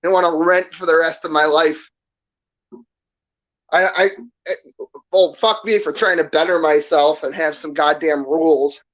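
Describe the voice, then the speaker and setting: A man's voice: on the high side, steady tone, moderate pace, long pauses, a bit bright. A man in his thirties from New York, ranting defensively with heavy cursing and sarcasm on a stream call. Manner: defensive, profane, sarcastic rant. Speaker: stream guest. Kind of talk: heated casual chat. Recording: dull lo-fi stream audio.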